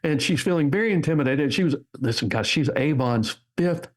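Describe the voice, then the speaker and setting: A man's voice: fairly high pitch, brisk. An older man, a guest author, telling stories in a podcast interview and acting out the people he quotes. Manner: animated storyteller, acts out quotes. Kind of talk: interview storytelling.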